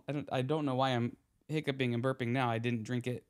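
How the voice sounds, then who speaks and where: A man's voice: mid-range voice, steady tone, a little fast, clear, resonant tone. A man, hosting a podcast in loose casual chat, full of fillers and restarts. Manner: rambling, many fillers and restarts. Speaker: podcast host.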